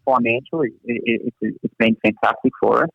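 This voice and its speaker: A young male teacher, on as a guest, rambles through funny anecdotes in casual chat and laughs at himself. His medium-pitched voice is steady, brisk and creaky. The dry recording has a slightly dull lo-fi sound.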